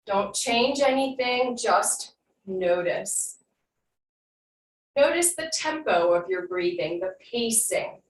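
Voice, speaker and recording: A woman instructor guiding an online fitness class with calm cues, then leading slow breath work and affirmations. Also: mid-range voice, far from the mic. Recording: echoey room, voice from off-mic, faint hum.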